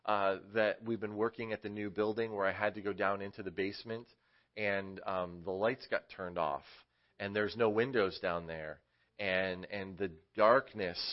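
A man's voice: on the low side, highs cut off. A man teaching a casual Bible lesson to kids in a conversational way, often asking his listeners questions. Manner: conversational, asks the audience questions. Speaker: children's church teacher.

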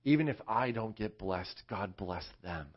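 A man's voice: on the low side, measured pace. Conversational male preacher, slightly dull sound. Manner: conversational, animated storytelling preacher. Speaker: pastor. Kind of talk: sermon.

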